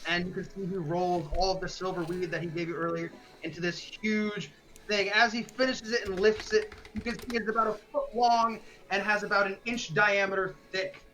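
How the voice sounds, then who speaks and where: Bright-voiced dungeon master narrating. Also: mid-range voice, low-quality recording. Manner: quick, relaxed narration with fillers. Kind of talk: narrating a tabletop game.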